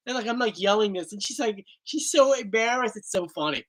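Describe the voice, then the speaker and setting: This is a man hosting a relaxed question-and-answer video, joking his way through stories of his own pranks. His voice comes across bright and forceful, and his delivery stays goofy and playful throughout. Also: high voice, brisk. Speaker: YouTube host. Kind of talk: casual Q&A chat.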